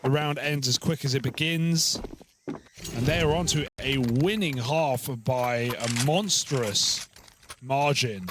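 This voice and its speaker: A man's voice: medium pitch, slow, background noise. A man giving live esports color commentary, breaking down tactics in an explanatory way.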